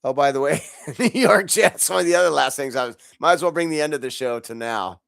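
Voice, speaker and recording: A man's voice: on the high side, brisk, creaky, fairly bright tone, dry recording, clean studio sound. A man hosting a podcast, ranting about football in a profane, exasperated way, congested from allergies. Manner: angry, profane, exasperated, laughs in bursts. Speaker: podcast host. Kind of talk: profane sports rant.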